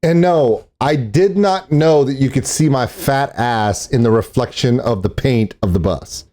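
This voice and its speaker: Regular-pitched guy rambling through his vlog, jokes at his own expense. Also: measured pace, warm tone. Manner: chatty, self-deprecating. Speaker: vlogger. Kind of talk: casual vlog narration. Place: outdoors in a parking lot.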